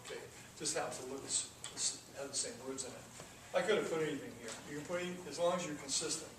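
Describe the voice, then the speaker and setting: A man's voice: on the high side, fast. A man teaching a classroom coding lesson, talking through the code step by step with casual asides. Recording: echoey classroom from far off with noise.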